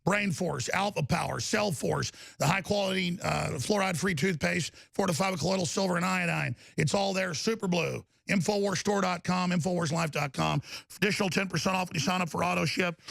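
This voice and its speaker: Gravelly, high-pitched angry talk radio man. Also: brisk, a bit bright, no room sound. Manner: angry, aggressive, repetitive ranting. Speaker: radio talk show host. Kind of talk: live talk radio rant with product ads.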